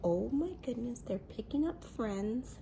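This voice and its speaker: Woman reading a kids picture book, slow, bouncy pitch, little whispers in between. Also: creaky, slight background noise. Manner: expressive, with soft whispered asides. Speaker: daycare teacher.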